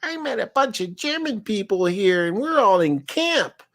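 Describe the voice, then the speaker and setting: A man's voice: high voice, big pitch swings, moderate pace, a bit bright, voice pushed up, exaggerated voice. A man imitating his wife in a chirpy, raised voice. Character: wife calling home, upbeat and chirpy.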